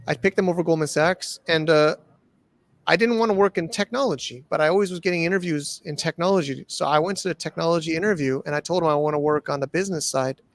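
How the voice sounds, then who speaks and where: A man from the United States in his forties, telling stories from his own life. He rambles and restarts as he goes, and his voice sits slightly on the high side. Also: fast. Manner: rambling, with restarts and acted-out quotes. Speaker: guest. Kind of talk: casual storytelling interview.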